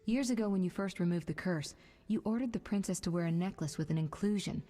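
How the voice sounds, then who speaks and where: A woman's voice: on the low side, fast, dark tone, lightly acted. An actress voicing a poised female sorceress who talks in a dry, ironic way. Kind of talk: video game dialogue.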